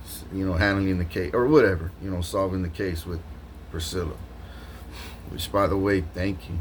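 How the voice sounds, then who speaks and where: Loose talk, lower voice, man just up from a nap, rambling and slangy, keeps cracking up. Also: moderate pace, a little hiss or hum. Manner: animated, laughs often, slangy, lots of restarts. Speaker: vlogger. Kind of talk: rambling casual monologue to camera.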